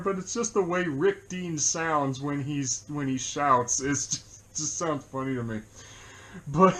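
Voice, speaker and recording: Male co-host for a casual movie chat, rambling and quick to laugh. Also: a little high, fairly bright tone. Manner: rambling, laughs often, many fillers.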